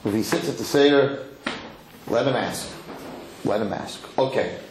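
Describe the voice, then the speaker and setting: Emphatic rabbi in a roomy hall. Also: male voice, mid-range voice, measured pace. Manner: emphatic, repeats words, rises to shouts. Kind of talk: animated Torah lecture with a story. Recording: roomy hall with faint noise.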